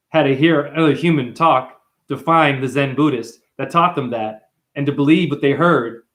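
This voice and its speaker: A man ranting on a livestream to his chat, profane and impassioned, jumping from one wordplay to the next. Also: fairly high pitch. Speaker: livestream host. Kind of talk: rambling livestream rant to chat.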